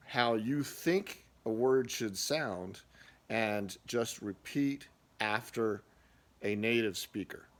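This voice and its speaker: A man giving a casual spoken language lesson, relaxed and unhurried, with frequent filler words. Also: medium pitch. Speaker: language teacher.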